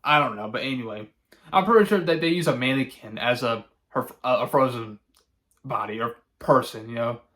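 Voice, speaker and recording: Man, casual movie review, halting, rambling, lots of fillers, chuckles now and then, mid pitch. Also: a bit bright. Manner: chuckles often while recounting.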